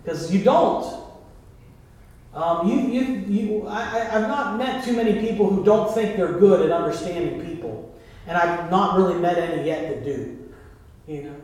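A pastor preaches a sermon in a loose, conversational way, often calling out to his congregation. His voice sits high for a man. It rings through a big, very echoey sanctuary from a mic set well away from him. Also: moderate pace, a little mellow. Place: church sanctuary. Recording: very echoey hall, mic far off.

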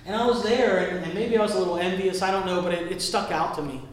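A man's voice: high voice, fairly even intonation, fast. A man preaching a sermon as a pastor, telling a personal story in a conversational way and asking the congregation questions. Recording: very echoey hall from far off.

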